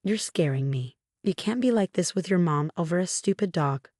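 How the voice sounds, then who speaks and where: A woman's voice: lowish voice, animated, normal speed, a little mellow, dry recording, studio quality. A woman voicing a domineering, manipulative older mother-in-law who complains indignantly.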